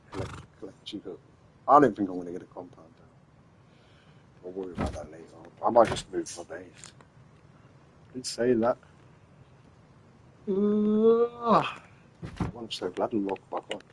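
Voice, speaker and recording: A man with a low voice streams his gameplay late at night on a rough recording with slight background noise. He's tired, gives rambling, casual commentary, repeats himself, and hands out tips.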